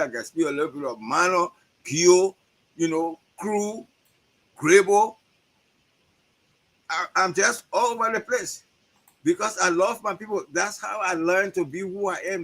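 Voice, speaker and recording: A man's voice: high-pitched, normal speed, a bit bright, low-quality recording. A man with a Liberian accent, a guest educator speaking animatedly in an interview over a video call, often repeating words as he builds a point. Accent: Liberian English. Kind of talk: conversational interview.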